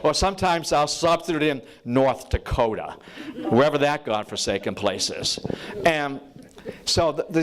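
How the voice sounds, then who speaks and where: A man giving a lively public talk on history to a live audience, joking with the room and acting out quotes as he tells stories. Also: a little high. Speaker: lecturer on presidential history.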